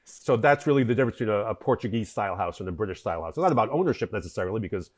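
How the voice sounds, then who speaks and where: A man's voice: lowish voice, expressive, very fast. A man, a wine importer, talking as a podcast guest and explaining history at length, with many fillers and restarts. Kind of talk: conversational interview.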